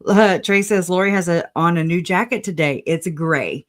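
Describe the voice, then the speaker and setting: A woman's voice: on the low side, moderate pace. A woman hosting a casual livestream, chatting, laughing often and greeting viewers by name. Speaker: livestream host.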